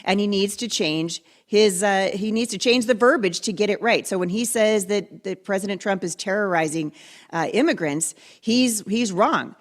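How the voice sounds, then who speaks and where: A woman's voice: mid-range voice, moderate pace. A woman guest commentator on a political talk show, speaking in an emphatic, indignant way.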